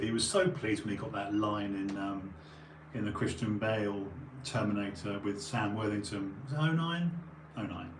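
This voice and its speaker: This man speaks at normal speed in a lowish voice, rambling through a stream with many restarts and side trips. A runny nose and tiredness come through, and the room sounds echoey with faint noise.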